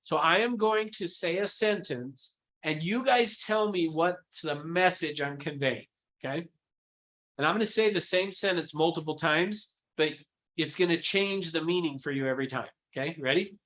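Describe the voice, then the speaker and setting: A man leading a live sales training, animated and demonstrative, quizzing his audience and acting out phone calls. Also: a little high, moderate pace, rough recording. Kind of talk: live training session with role-play.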